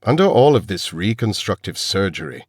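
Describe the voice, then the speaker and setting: A man voicing a cold, menacing elderly male villain scientist, speaking slowly and calmly. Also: low-pitched, slightly rough, dry recording, studio quality, exaggerated voice. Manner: calm, menacing, slow.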